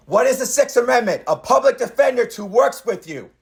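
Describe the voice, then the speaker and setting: A man's voice: very high-pitched, expressive, brisk, creaky. A man on speakerphone arguing insistently, repeating himself and talking over the other person. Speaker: caller. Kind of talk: heated phone argument.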